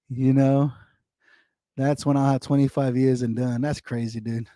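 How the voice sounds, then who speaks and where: Chatting casually on his livestream, a male host reads out viewer comments, greets them by name, and tends to ramble and repeat himself. His mid-range voice is mellow and flat at a normal speed, recorded on a desktop mic with studio clarity and no echo.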